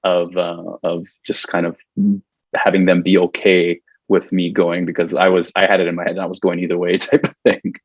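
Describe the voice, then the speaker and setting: A man's voice: sits low, completely flat delivery, normal speed, dry recording. Chatty man on a dull line. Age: 40s. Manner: chatty, laughs often, many restarts. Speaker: podcast guest. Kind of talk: casual interview storytelling.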